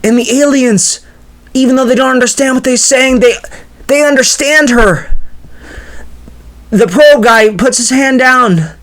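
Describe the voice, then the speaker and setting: A man with a high speaking voice tells an improvised comedy story, rambling and stammering as he goes. He repeats words and fills gaps with loose fillers. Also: a little slow, long pauses, a bit bright.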